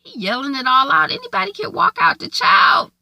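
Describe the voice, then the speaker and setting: A woman giving a casual, animated recap of a TV episode, acting out the characters' lines with big jumps in pitch. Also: brisk, gravelly. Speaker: TV recap host.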